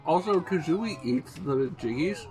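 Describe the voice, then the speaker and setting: A man's voice: on the high side, expressive, a little slow, a little mellow, faint music behind. A young adult man playing a video game and commenting casually, with laid-back remarks. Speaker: co-host and player of a game let's-play.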